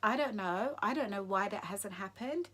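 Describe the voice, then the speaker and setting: A woman's voice: mid-range voice, expressive, moderate pace, sharp tone, breathy edge. A woman vlogging her opinions, emphatic and indignant, often restarting her sentences when she gets heated. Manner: emphatic, indignant, repeats for stress. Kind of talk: impassioned opinion vlog.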